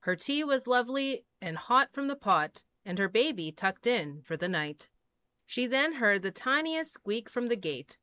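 A woman reading children's picture books aloud in an expressive, sing-song way. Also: fairly high pitch, a little slow, no room sound. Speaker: storyteller.

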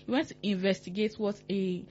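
A woman's voice: mid-range voice, fairly quick, darkish tone, slight background noise. A young Nigerian woman co-hosting a casual chat, emphatic and indignant as she talks. Her voice sits in a middle range. It comes through a slightly dull, lo-fi recording.

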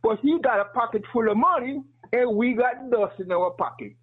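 A man's voice: very high-pitched, animated, moderate pace, breathy edge. A man with a noticeable accent calling in over the phone, asking a question with passion. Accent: non-American accent. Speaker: caller. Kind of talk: call-in question. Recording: tinny phone line.

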